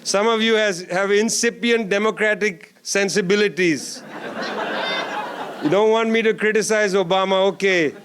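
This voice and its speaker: A man's voice: high-pitched, normal speed, crowd noise, noisy background. A man giving a closing keynote at a conference, speaking emphatically with sarcastic asides and repeated lines. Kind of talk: political speech. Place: conference hall.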